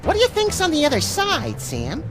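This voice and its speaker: A manic little rabbit-like sidekick from a video game. High and wildly bouncy in pitch, she fires off gleeful, violent wisecracks. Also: huge pitch swings, normal speed, over music.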